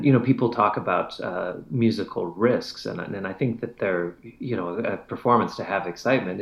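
A man's voice: fairly low pitch, reverberant. A man, a classical musician as an interview guest, answering thoughtfully and hedging with many fillers. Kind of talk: conversational interview.

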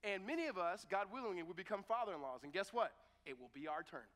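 A man's voice: high voice, fast talker. A man preaching a sermon, reading scripture and then retelling it casually with quoted voices. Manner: conversational, animated retelling with quoted dialogue. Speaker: pastor. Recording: long hall reverb.

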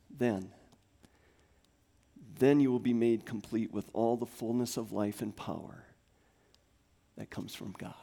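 A man in his thirties preaching a sermon in a church, swinging from soft near-whispers to loud, rising calls. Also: medium pitch, lively intonation, a little slow. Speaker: pastor. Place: church sanctuary.

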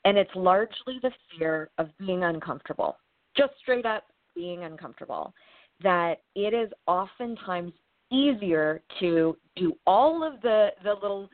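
A woman talks with open, animated candor and drops the odd curse word without fuss. Her voice comes through narrow and phone-like. The sound is dry and close, with no room around it. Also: medium pitch, measured pace, no room sound. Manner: frank and animated, swears casually. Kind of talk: candid podcast conversation.

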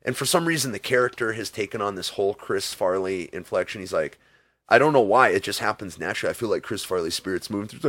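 Man, very low voice, dry sound, casual interview, rambling storyteller, acted-out quotes. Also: lively intonation, quick pace, fairly bright tone, no echo.

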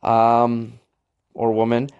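A man's voice: mid-range voice, monotone, very slow, darkish tone, smooth, lo-fi sound. A man voicing a rejection letter as an awkward, rambling young man, overly casual and fumbling. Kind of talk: comedic impression.

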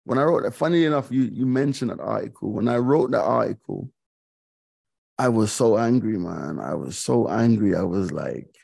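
A man's voice: lowish voice, animated, moderate pace, gravelly, a little mellow, slightly rough. A middle-aged man, a guest on a podcast, telling a personal story candidly and reflectively, repeating phrases and using many fillers. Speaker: guest, DJ and radio host.

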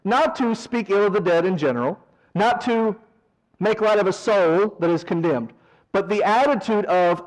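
Animated high-voiced man teaching scripture. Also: moderate pace, low-quality recording. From American South. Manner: animated, swings from loud emphasis to quiet asides; mocks mourners in a whiny voice. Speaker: Bible teacher. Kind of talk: verse-by-verse Bible study.

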